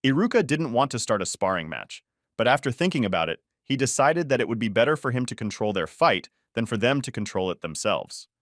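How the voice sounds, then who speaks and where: A man narrating a fan story in a scripted, flat and even reading. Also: mid-range voice, a little fast, dry recording, studio quality.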